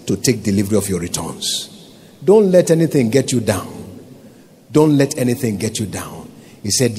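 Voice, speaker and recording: A man with a Nigerian accent, a pastor preaching a sermon with call-and-response questions and swelling to shouts. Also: medium pitch, a little hiss or hum.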